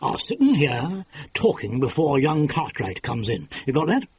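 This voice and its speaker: A man's voice: medium pitch, sing-song, moderate pace, gravelly, a little mellow, slight background noise. A man reading an audiobook, voicing a grumpy, theatrical elderly detective who lectures with weary patience. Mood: lecturing.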